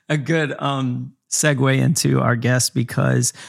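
Gravelly-voiced man co-hosting a podcast. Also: mid-range voice, steady tone, slow pace. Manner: playful, teasing. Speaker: podcast co-host. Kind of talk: casual chat.

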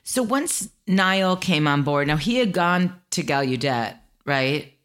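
A woman's voice: deep voice, very animated, takes it slowly, a bit bright, smooth. A woman interviewing a guest, asking questions and reflecting back with empathy. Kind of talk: casual interview.

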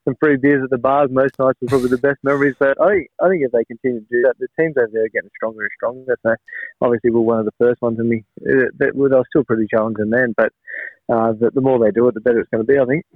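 A man's voice: mid-range voice, steady tone, very fast, no room sound. A man in his thirties with an Australian accent, a laid-back, rambling guest in a casual chat. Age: 30s. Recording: tinny phone line.

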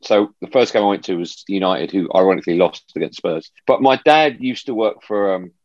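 This man, a football broadcaster, joins a casual chat as a guest on a remote call from home, an animated storyteller who keeps restarting. His low voice is brisk, and the lo-fi recording has no room sound.

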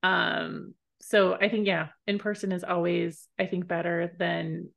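A woman's voice: on the low side, level tone, measured pace, vocal fry, a bit bright. A woman hosting a podcast interview, chatting casually with frequent fillers. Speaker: podcast host.

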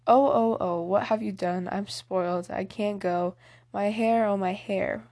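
A woman's voice: medium pitch, level tone, a little slow, vocal fry, a little mellow. A woman reading the lines of a fretful, fashion-minded teenage girl in an audiobook, fussy and proper. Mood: dismayed.

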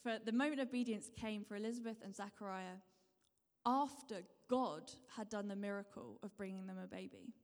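In a brisk, expressive, mid-range voice with a touch of mellowness, a woman preacher gives her sermon. She keeps repeating points, encourages her congregation and asks them questions, and the recording carries long hall reverb.

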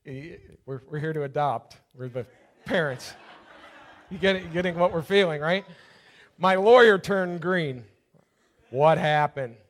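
High-voiced man preaching a sermon. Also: a little slow, a bit bright. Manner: storytelling, swelling to fervent preaching. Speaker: pastor.

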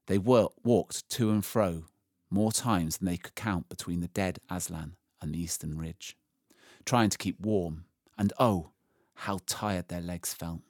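A man reading a storybook aloud, slow and expressive, rising with the drama. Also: sits low, dry recording, studio quality.

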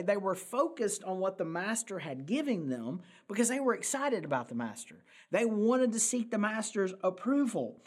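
A man preaching a sermon as pastor, earnest and emphatic, repeating key phrases and asking the congregation rhetorical questions. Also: high voice.

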